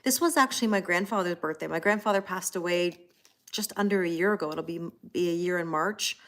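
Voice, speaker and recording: A woman's voice: on the low side, fairly quick, a bit bright. A woman in her forties, a tarot reader hosting a livestream, chatting casually with viewers and telling rambling stories full of fillers. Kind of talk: casual chat greeting live viewers.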